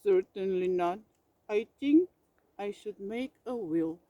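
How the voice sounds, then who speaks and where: A woman's voice: mid-range voice, lively intonation, slow pace, dry recording, muffled recording, voice pushed down. A woman voicing a grumpy, self-pitying male bear with a cold, pompous and melodramatic, in a storybook read-aloud. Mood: grumbling.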